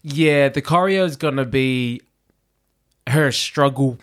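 A man co-hosting a casual chat, earnest and a little halting as he explains vocal technique. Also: mid-range voice, a bit bright. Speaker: podcast co-host.

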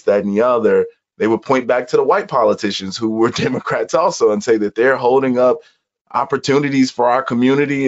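A man from Chicago, a guest telling his life story in an earnest, reflective conversation with measured pauses. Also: mid-range voice. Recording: muffled, dull audio.

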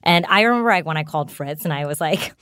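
A woman's voice: deep voice, expressive, quick pace, a bit bright, clean tone, no echo, clean studio sound. A woman in her thirties, a startup founder speaking as a guest in a casual interview, chatty and full of fillers like "like" and "you know". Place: studio.

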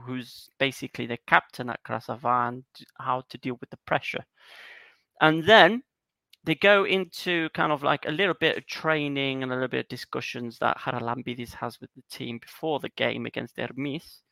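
A man co-hosting a podcast, retelling things in a rambling, animated way with lots of fillers. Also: medium pitch, normal speed, gravelly, dry recording. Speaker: podcast co-host. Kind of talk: casual chat.

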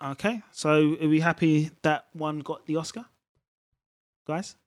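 A man's voice: on the high side, measured pace, dry recording, studio quality. Chatty upbeat male podcast host. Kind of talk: casual podcast chat.

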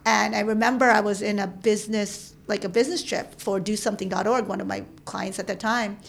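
A woman in her thirties telling a personal story in casual chat, animated, acting out the voices of people she quotes. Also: medium pitch, a little fast, gravelly. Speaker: interview guest. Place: San Francisco.

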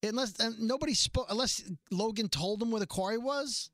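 Bright, dry-sounding man recapping a show. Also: very high-pitched, a little fast, dry recording. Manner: recounts scenes, reads lines out flatly, swears. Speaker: podcast co-host. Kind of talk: casual TV episode recap.

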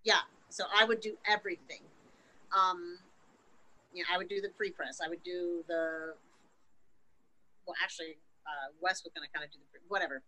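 Bright-voiced woman telling a candid story. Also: fairly low pitch, steady tone, normal speed, long pauses, rough recording. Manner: frank and profane, emotional retelling. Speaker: interview guest.

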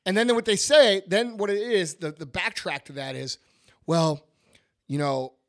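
A man's voice: sits high, animated, normal speed, fairly bright tone. A man, talking bluntly and emphatically on a podcast and swearing a lot. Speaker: podcast host, business owner. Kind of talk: casual podcast chat.

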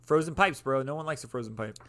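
Fast-talking bright man, bro-heavy chat. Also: mid-range voice. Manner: fast, says bro a lot, swears. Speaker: podcast co-host. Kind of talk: casual chat.

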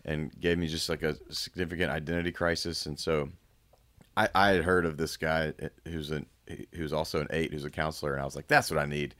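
A man in his thirties talking candidly as a guest, reflective and halting, with frequent restarts. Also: very deep voice, little pitch movement, fairly bright tone. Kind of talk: candid personal conversation.

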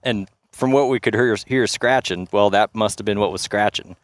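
A man guesting on a podcast, telling a story in a vivid, measured way. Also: fairly low pitch, no room sound, clean studio sound. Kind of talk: casual storytelling chat.

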